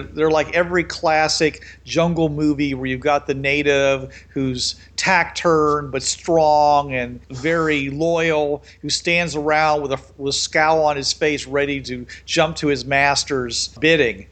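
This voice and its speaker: A man's voice: fairly high pitch, a bit bright. A man co-hosting a casual chat about a roleplaying game, thoughtfully explaining the setting.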